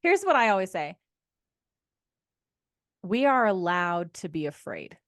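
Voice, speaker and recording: A woman co-hosting a podcast in casual chat, enthusiastic and warm toward her co-host, closing out the episode. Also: mid-range voice, sing-song, measured pace, no echo, clean studio sound. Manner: enthusiastic, wraps up the show with plugs.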